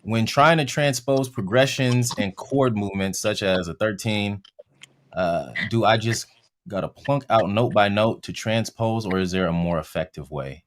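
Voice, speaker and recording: A man with a lowish voice hosts a live-streamed Q and A in an upbeat, chatty way. He plugs a course and reads out viewer questions, talking casually with the guest. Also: measured pace. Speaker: host of a live Q and A.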